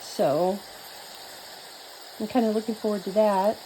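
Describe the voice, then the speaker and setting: She speaks at a measured pace with fairly even intonation and a dark, mid-range voice, chatting casually over her cooking. Born in New Mexico and raised mostly in Texas, this Southern-accented vlogger rambles with fillers and restarts, captured in poor audio with slight background noise.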